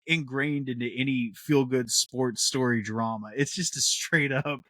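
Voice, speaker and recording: A man's voice: medium pitch, measured pace, no room sound. Chatty laughing man, dry mic. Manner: animated, laughs often, acts out quotes. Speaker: podcast host. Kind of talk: casual chat.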